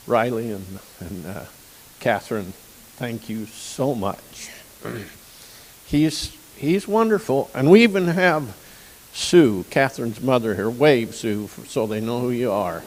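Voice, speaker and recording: Older man, unhurried and folksy, emotional thank-you speech, average pitch. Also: lively intonation, in a large hall, slight background noise, low-quality recording. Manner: folksy and rambling, with pauses and throat-clearing. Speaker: graduating guide dog client. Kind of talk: casual graduation speech. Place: outdoor campus stage with audience.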